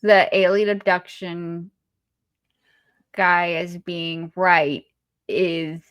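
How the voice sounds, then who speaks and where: A woman's voice: lowish voice, little pitch movement, very slow, fairly bright tone, clear, resonant tone. A woman co-hosting a podcast, chatting casually about a movie, rambling with fillers and restarts. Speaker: podcast co-host.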